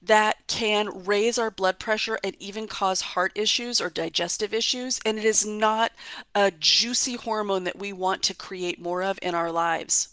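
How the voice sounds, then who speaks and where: Woman, motivational talk, emphatic, coaching, mid pitch, dry close sound. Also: fairly even intonation, measured pace, fairly bright tone, smooth, no room sound. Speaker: host.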